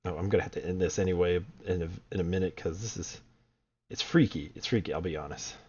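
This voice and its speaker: Low, husky-voiced man streaming a game. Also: fast, darkish tone. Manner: nervous, muttering to himself while clicking through files. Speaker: streamer playing a horror game. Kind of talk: let's play commentary. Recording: dull lo-fi stream audio.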